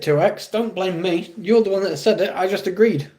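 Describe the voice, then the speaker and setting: A man's voice: high-pitched, normal speed, darkish tone. An English man hosting a casual livestream, reading viewers' chat aloud and answering with blunt, teasing remarks. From England. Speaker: livestream host.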